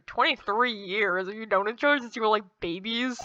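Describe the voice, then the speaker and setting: A woman's voice: mid-range voice, a little fast, hardly any pauses, bright, forceful tone, slight background noise. Playful woman doing game commentary. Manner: playful, giggly asides. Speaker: let's play host. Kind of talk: casual game commentary with voice acting.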